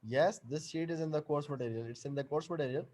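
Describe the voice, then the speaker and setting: Over a video call, a man leads an online class, going slowly and saying each point and question twice. His voice sits on the high side and sounds a little mellow.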